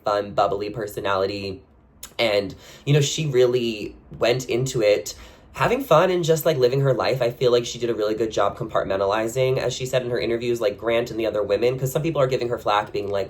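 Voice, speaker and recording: A man chats at an everyday middle pitch, sharing his opinions on reality TV in a relaxed, gossipy way. He leans heavily on "like" as a filler. His voice leaps upward whenever he poses a question. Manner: chatty and gossipy, with frequent "like" fillers; animated, with sudden jumps in pitch on questions. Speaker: reality TV commentary channel host. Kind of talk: casual opinion commentary to camera.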